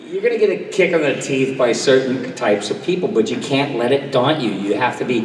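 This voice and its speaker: A man's voice: medium pitch, expressive, a little hiss or hum. An older man telling show-business stories to a convention audience, chatty and self-deprecating. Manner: chatty, self-deprecating, jumps into quick impressions. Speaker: convention panel guest. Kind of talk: relaxed storytelling to an audience. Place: convention hall. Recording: distant, echoey hall recording with faint crowd ambience.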